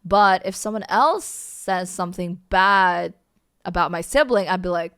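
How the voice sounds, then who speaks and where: A woman's voice: fairly low pitch, unhurried, a bit bright, clear, resonant tone, no echo, clean studio sound. A woman streamer chatting casually as she reacts to memes, giggling and trailing off mid-thought.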